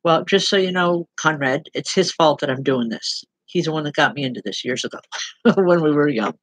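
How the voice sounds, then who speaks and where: A woman's voice: sits low, brisk, no room sound, rough recording. A woman working as a medium, giving spirit readings online and speaking directly to people by name in an earnest, plain-spoken way.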